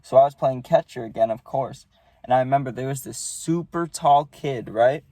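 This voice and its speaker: A man's voice: mid-range voice, moderate pace, dark tone, no echo. A young man casually telling a story to camera, rambling and swearing, with lots of "you know" and "right".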